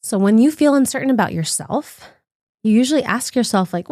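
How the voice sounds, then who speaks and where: A woman's voice: fairly high pitch, animated, fairly quick, no room sound, clean studio sound. Woman hosting a self-help podcast. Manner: warm, coaching, speaks directly to listener. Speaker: podcast host.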